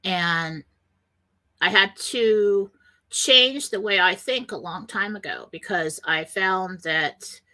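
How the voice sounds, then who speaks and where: Middle-aged woman host, bright clear voice, earnest and meandering, reassuring self-help talk. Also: medium pitch, slow. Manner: earnest, rambling, quotes panicked voices. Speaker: radio show host.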